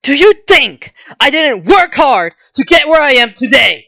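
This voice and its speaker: A performer voicing a hot-tempered young female anime swordfighter in a fan roleplay reading, shouting indignantly. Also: medium pitch, huge pitch swings, normal speed, pitched above the performer's own voice. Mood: furious.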